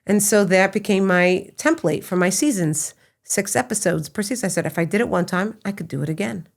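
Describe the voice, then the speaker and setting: A middle-aged woman, a podcast guest, telling personal stories in a casual, animated way that breaks into laughter. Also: mid-range voice, a little fast, vocal fry. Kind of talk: casual conversational storytelling.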